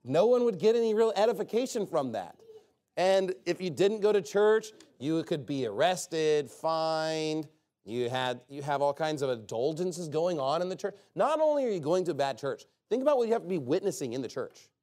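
A man's voice: on the high side, very animated, normal speed, dark tone. A man preaching an informal sermon in a sarcastic, rambling way with joking asides.

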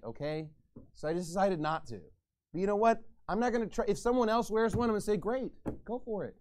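A man's voice: sits high, expressive, fast, slight background noise. A man preaching a sermon as pastor, ranting and mocking others in put-on voices.

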